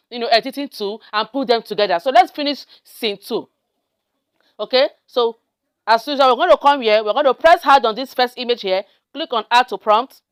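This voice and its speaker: A woman's voice: on the high side, clear, resonant tone, no room sound, studio quality. A woman hosting a step-by-step screen tutorial, often checking in with her viewers. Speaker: tutorial host. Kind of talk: screen-recorded software tutorial.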